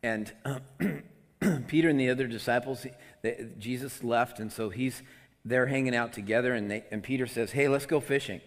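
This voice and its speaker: Animated preacher in a reverberant hall. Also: male voice, medium pitch, normal speed. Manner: animated, swings between loud outbursts and quiet asides. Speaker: pastor. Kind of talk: sermon.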